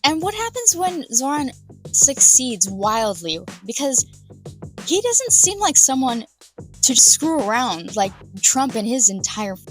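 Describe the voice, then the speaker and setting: A young woman vlogger giving indignant, sarcastic reaction commentary, sometimes drawing words out slowly for emphasis. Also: high-pitched, big pitch swings, faint music behind. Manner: pauses to over-stress words slowly.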